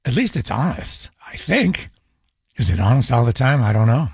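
A man's voice: medium pitch, very animated, normal speed, a little mellow, husky, no echo, studio quality. A middle-aged man hosting a call-in radio show, talking casually with many fillers and restarts, and firing off exasperated rhetorical questions. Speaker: radio talk show host.

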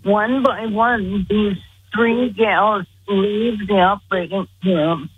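A woman speaks slowly and earnestly, her voice very husky and breathy. She comes through a thin, tinny phone line with no room sound around her. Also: mid-range voice, steady tone. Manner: slow, earnest storytelling. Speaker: guest. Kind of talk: telling a personal story. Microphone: phone call.

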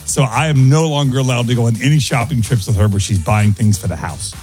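Deadpan male radio co-host. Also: mid-range voice, quick pace, hardly any pauses, soft background music. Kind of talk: morning radio banter.

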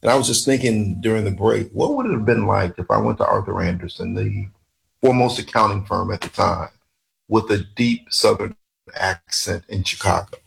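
A man with a low, heavily gravelly voice talks in a relaxed, musing way as a radio co-host. He grew up in northern Louisiana and speaks into a studio microphone. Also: moderate pace, slight background noise, poor audio. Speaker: radio talk show co-host. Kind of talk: casual talk radio chat.

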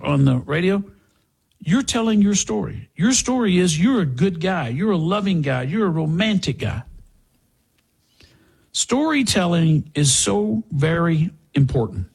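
Older male talk host, very husky and gravelly, rambling, slightly high. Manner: rambling, with restarts and asides to a co-host. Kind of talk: casual commentary monologue.

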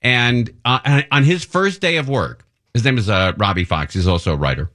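A middle-aged radio host tells anecdotes in an easygoing, rambling way, correcting himself as he goes. His mid-range voice is expressive and fairly bright, moving at normal speed in casual chat.

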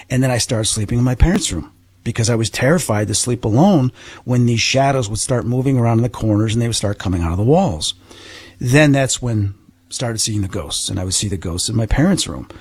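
A middle-aged man, a guest, recounting a personal experience in an animated, earnest way. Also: mid-range voice, breathy edge, dry recording. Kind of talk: personal storytelling.

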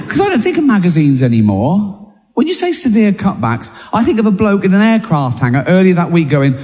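A man's voice: high-pitched, a little mellow. A man telling a self-mocking stand-up story in a dry way. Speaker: stand-up comedian. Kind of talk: stand-up routine. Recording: reverberant hall.

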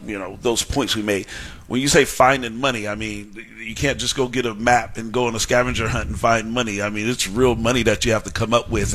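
A man co-hosting a sports talk show, measured and reasoning things through. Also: lowish voice, fairly bright tone, poor audio. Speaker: sports radio co-host.

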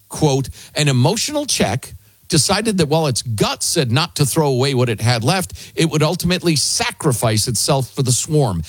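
Husky talk-radio host, lively delivery. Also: male voice, fairly high pitch, dry recording. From Chicago area, United States. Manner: forceful, conversational, reads ad copy.

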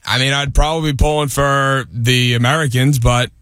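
A man with a Boston accent, co-hosting a radio show in relaxed, defensive banter. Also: medium pitch, normal speed, clean tone, dry recording, clean studio sound. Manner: laid-back, defensive, chuckles often. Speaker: radio co-host. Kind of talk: casual studio banter. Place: radio studio.

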